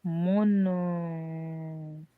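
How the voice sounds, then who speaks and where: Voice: medium pitch, fairly even intonation, very slow, clean tone, no room sound, narrow, tinny audio. A student in an online language lesson, asking hesitant, unsure questions over a video call.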